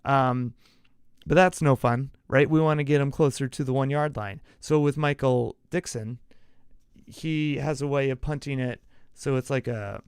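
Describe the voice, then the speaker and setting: Gravelly man rambling about sports. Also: medium pitch, fairly even intonation, a little slow, dry recording, studio quality. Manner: rambling, explains with gestures, self-correcting. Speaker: podcast host. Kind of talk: casual solo sports talk.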